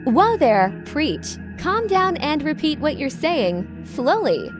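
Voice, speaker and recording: A woman's voice: sits high, sing-song, takes it slowly, music in the background, full character voice. Woman reading as a blunt squad leader. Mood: commanding. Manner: curt barked orders. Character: tough male squad leader, blunt and commanding.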